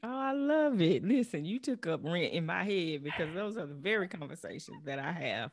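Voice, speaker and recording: A woman's voice: lowish voice, animated, normal speed, a little hiss or hum. A woman hosting a casual interview, encouraging her guest with frequent affirmations. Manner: encouraging, lots of affirming backchannels. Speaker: interviewer host.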